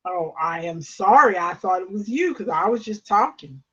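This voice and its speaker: A woman at a middling pitch chats casually over a video call. Her manner is relaxed and laid-back. The sound is muffled, like lo-fi call audio. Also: normal speed, slightly rough. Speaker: podcast co-host.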